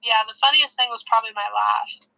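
A woman's voice: a little high, brisk, vocal fry, pushed and bright, rough recording. A young woman co-hosting a podcast, chatting in an easygoing way. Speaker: podcast co-host. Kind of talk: casual podcast chat.

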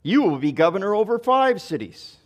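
A man's voice: high voice, very animated, moderate pace, pitched above the performer's own voice. A man reading aloud the words of a stern, demanding king from a parable. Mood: approving. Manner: reads the king's words aloud with stern emphasis.

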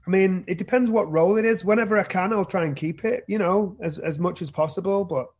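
A man's voice: high-pitched, a little fast, a little mellow, slightly rough. A British man being interviewed about his acting career, talking casually with many restarts and repeated words. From Britain. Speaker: actor guest.

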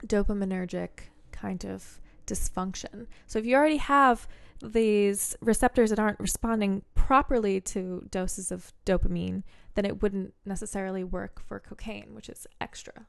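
A woman chatting casually on a podcast, explaining ideas in a rambling way and often restarting her sentences to correct herself. Her voice has a middling pitch and sits dry and close, with no room sound around it. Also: steady tone, normal speed, vocal fry, hardly any pauses, dry recording. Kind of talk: casual chat.

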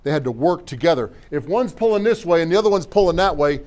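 A middle-aged man with a slightly high voice preaches fast from a church sanctuary. As pastor, he stays animated, cracking jokes with the congregation in between scripture readings.

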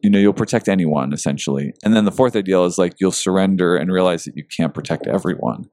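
A man talking a book over in casual chat, earnest and emotional, pausing with fillers. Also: low voice, a little mellow, no echo, clean studio sound.

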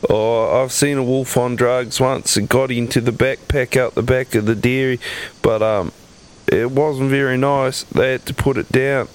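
Laid-back New player. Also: male voice, mid-range voice, fairly even intonation, unhurried, clear, resonant tone. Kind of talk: casual chat.

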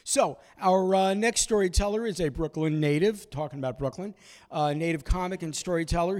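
A man hosts a live storytelling event and introduces the next performer. He pauses often, with fillers along the way. His voice is slightly high for a man. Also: darkish tone. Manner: hesitant, many fillers. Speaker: event host. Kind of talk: introducing speakers.

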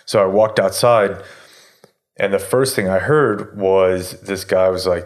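A man's voice: sits low, fairly even intonation, a little slow. A man in his thirties telling a story in casual chat, rambling with lots of fillers and swearing. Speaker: podcast host telling a story.

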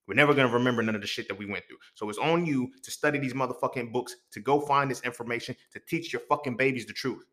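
A young man hosting his own podcast, talking alone in a heated, profane monologue that rises to near-shouts and then drops low. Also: fast, few pauses. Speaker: podcast host. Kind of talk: impassioned solo monologue.

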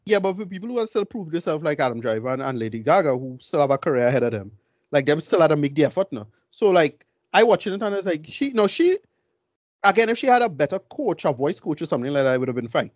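Quick, lively man ranting about films. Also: on the high side, dry recording, studio quality. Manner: blunt, animated, swears freely. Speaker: film podcast co-host. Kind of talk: casual film review chat.

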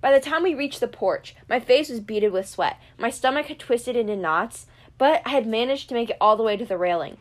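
A woman narrating a first-person audiobook with steady storytelling. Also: on the high side, a little fast. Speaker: audiobook reader.

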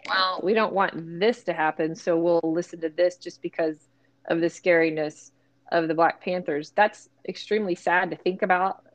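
Female podcast co-host, lowish voice, thoughtful and self-correcting, conversational. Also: fairly even intonation. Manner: thoughtful, self-searching, quick asides.

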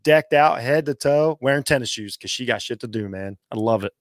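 Male podcast co-host, mid-pitched, loose rambling delivery, dead-dry mic. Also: brisk, dry recording. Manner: rambling, animated, swears casually. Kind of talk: casual chat.

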